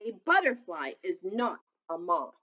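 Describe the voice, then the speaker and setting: A woman reading a children's picture book aloud, gently adding asides that explain things to young listeners. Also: on the low side, big pitch swings, a little slow, muffled recording.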